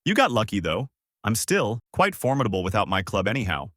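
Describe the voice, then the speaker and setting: A man's voice: on the low side, very animated, a little fast, a bit bright, no echo, studio quality. A man voicing a vain, hot-tempered female pirate captain with a haughty, shrieking manner. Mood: furious.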